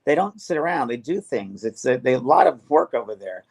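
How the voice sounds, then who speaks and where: A middle-aged man speaks earnestly and with feeling in a casual chat. His pitch sits in an ordinary middle range for a man. He often slips into what spirits say to him. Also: very animated, fairly quick, gravelly, slightly rough. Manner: earnest, emotional, quotes spirits in their own words. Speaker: spiritual medium and co-host.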